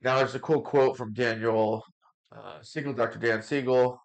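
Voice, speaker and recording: A man's voice: medium pitch, fairly even intonation, normal speed, gravelly. A man hosting a parenting podcast as a parent coach, talking casually with fillers and stumbling over names.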